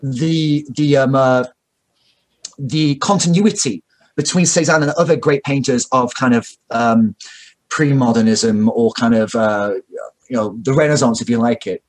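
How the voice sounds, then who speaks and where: A man's voice: medium pitch, a little slow. A man talking at length in a casual, opinionated way, full of fillers and restarts and the odd swear word. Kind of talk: casual discussion.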